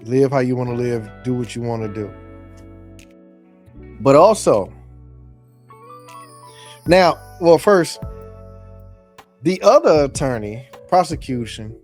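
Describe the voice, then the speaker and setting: Slow-talking male reaction host. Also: medium pitch, expressive, a little mellow, faint music behind. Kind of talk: casual commentary.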